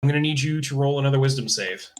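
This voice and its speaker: A man's voice: medium pitch, racing. A man narrating a tabletop game as game master, in a casual, loose style with fillers like "kinda" and "uh".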